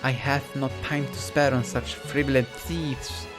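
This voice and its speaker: A man's voice: mid-range voice, steady tone, a little slow, close to an everyday voice. A streamer voicing a pompous male villain duke who speaks in mock-archaic phrases, with game music behind. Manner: grandiose, mock-old-fashioned speech. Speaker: streamer reading game dialogue.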